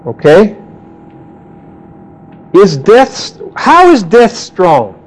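Male Bible teacher, slightly high voice, unhurried delivery, leads class discussion and draws answers from the room. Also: huge pitch swings, low-quality recording. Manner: questioning the class, calling on students by name; slows down to quote verses. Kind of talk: interactive Bible class lecture.

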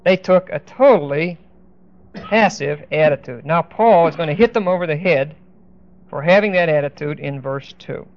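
A man teaching a verse-by-verse Bible lesson, speaking deliberately and with emphasis, stopping now and then to look up verses. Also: a little high. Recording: dull lo-fi recording.

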